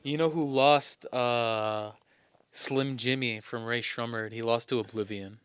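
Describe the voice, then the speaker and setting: A man's voice: medium pitch, fairly even intonation, measured pace, a bit bright, smooth, no room sound. A young man co-hosting a podcast, chatting casually and rambling through stories with lots of fillers and restarts on a close mic. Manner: rambling storyteller, lots of fillers and self-corrections. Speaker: podcast co-host. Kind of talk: casual chat.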